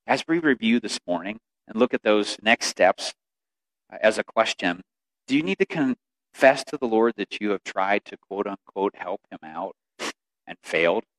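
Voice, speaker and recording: A man preaching a sermon as pastor, telling stories and building to loud, emotional quoted lines. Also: lowish voice, lively intonation, moderate pace.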